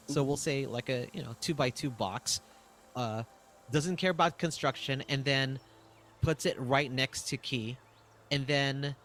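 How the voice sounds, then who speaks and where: Slow-spoken male player. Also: mid-range voice, fairly bright tone. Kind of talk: narrating his character's actions in a tabletop game.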